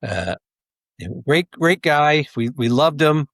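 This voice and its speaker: A man's voice: fairly high pitch, expressive, slow pace, a bit bright, no echo. A man co-hosting a podcast, talking in a rambling, casual way with asides and restarts. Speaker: podcast co-host, intelligence analyst.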